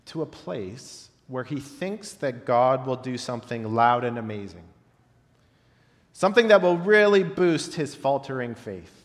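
A man preaching a reflective sermon, pausing often and letting his phrase endings fall soft. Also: mid-range voice, lively intonation. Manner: reflective, with long pauses and softly dropped phrase ends. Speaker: pastor. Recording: long reverb of a large hall.

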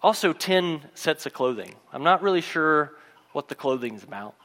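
Male preacher, slightly high voice, storytelling sermon, acts out characters, long hall reverb. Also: expressive, normal speed, a bit bright.

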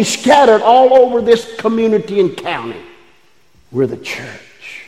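A man's voice: high voice, very animated, a little mellow. Male pastor, folksy-to-fervent sermon, roomy sanctuary sound. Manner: folksy, rising to fervent preaching with drawn-out phrases. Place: church sanctuary. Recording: echoey church hall.

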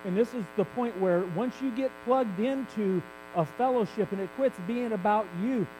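Man, high voice, candid conversational preacher, faint mains hum behind. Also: poor audio. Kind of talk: sermon.

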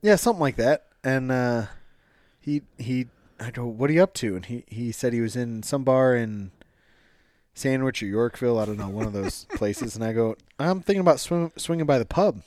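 A man's voice: medium pitch, moderate pace, no room sound. A man telling stories in casual podcast chat, swearing freely. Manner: animated storytelling with crude language.

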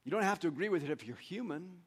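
A man with a high-pitched voice preaching a sermon to his congregation. He is animated, breaks into joking asides and acts out little voices to make his points. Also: fast talker, slightly rough. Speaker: pastor.

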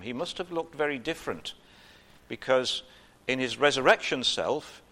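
Male preacher, chatty informal sermon, light humor, unhurried pauses. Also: mid-range voice. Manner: conversational, pauses with uh, gentle humor.

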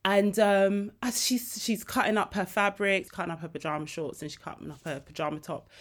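A woman hosting her own podcast, telling stories in a lively, emotional way and laughing easily. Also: medium pitch, brisk, hardly any pauses. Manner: animated storytelling, laughs and gets emotional easily. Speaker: podcast host. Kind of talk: casual solo podcast chat.

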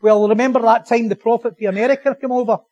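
A man preaching a sermon as pastor, animated and joking, repeating phrases for emphasis. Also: extremely high pitch, fast, highs cut off.

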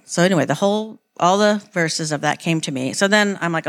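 A woman's voice: on the low side, fairly quick, hardly any pauses. Earnest woman giving a casual sermon. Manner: earnest, rambling, with frequent likes and restarts. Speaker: church speaker. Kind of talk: informal sermon.

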